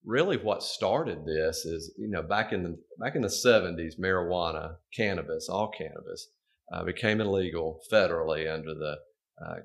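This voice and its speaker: Deep-voiced middle-aged guest. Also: male voice, a bit bright. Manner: measured, explanatory. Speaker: guest expert on banking. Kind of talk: explanatory podcast interview.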